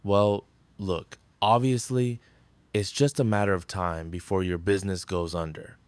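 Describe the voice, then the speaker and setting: Smug rival restaurant guy, talks down to people, slow and low. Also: fairly even intonation, clear, resonant tone, dry recording. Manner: condescending. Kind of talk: sitcom acting.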